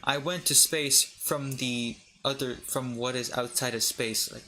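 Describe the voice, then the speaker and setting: A man reads articles aloud to his stream chat. He trips over words, jokes and breaks off to laugh. His voice is bright and forward, with a faint background hum. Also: medium pitch, fairly even intonation, unhurried. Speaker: VTuber streamer.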